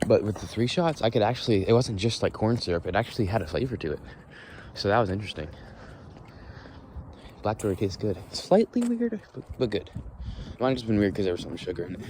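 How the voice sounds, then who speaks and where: A man's voice: lowish voice, quick pace, background noise. A young man hosting a casual walk-and-talk podcast, rambling bluntly with swearing and frequent restarts, recorded outdoors at dusk. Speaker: podcast host.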